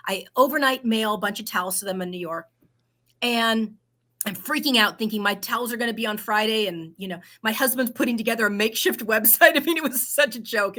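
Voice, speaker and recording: Woman, middle-aged, bright voice, animated storyteller, casual interview guest. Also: mid-range voice. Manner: animated storyteller acting out quotes. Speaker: guest entrepreneur.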